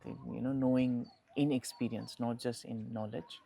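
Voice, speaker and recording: Young guy on a podcast, thinking out loud, restarts a lot, middle pitch. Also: level tone, moderate pace, vocal fry, slight background noise. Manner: reflective, restarts and repeats phrases. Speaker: podcast guest. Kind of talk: casual conversation.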